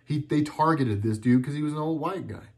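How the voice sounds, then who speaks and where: A man's voice: fairly high pitch, a little fast, darkish tone. A middle-aged man talking at home in a casual monologue, earnest and rambling, often stopping and restarting his sentences. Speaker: video blogger.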